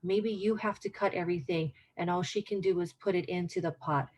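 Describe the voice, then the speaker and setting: A woman's voice: on the low side, steady tone, a little fast, darkish tone, lo-fi sound. Earnest middle-aged woman teaching caregivers. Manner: earnest, repeats key points for emphasis. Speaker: dementia care educator. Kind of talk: informal caregiver presentation.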